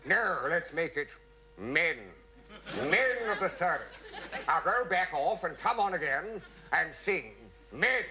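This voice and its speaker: Fussy army officer, male, shrill, affronted, lively pitch, a man's put-on voice. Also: slow pace, exaggerated voice. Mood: appalled. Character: fussy army officer, man, outraged by effeminacy.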